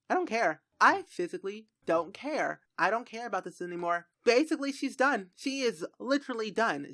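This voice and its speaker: A woman streamer giving let's play commentary, exasperated and animated, talking straight to the game characters and retelling the drama. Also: mid-range voice, dry recording, studio quality. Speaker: gaming streamer.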